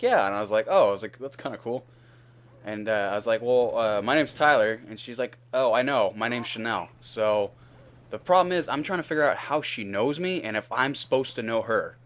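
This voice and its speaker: A man's voice: lowish voice, fairly bright tone, slight background noise. A young man telling a rambling, candid story over gameplay, swearing freely and acting out both sides of the conversation. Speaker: gaming video host. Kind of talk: casual gameplay commentary storytelling.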